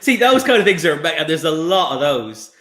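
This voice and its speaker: A man chatting as a guest comedian, telling lively anecdotes with swearing and restarts over a video call. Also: fairly high pitch, moderate pace. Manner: animated storyteller, swears, restarts. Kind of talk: casual chat, anecdotes. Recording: echoey room.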